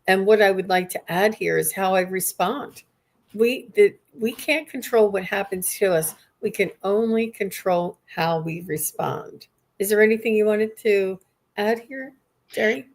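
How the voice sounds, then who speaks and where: Woman livestream host, calm and reflective, middle-pitched, pauses to think. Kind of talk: livestream conversation.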